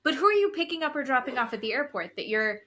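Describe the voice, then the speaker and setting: A woman's voice: sits high, big pitch swings, fast talker, fairly bright tone, a little hiss or hum. A woman co-hosting a podcast in casual chat, telling blunt, opinionated stories. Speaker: podcast co-host.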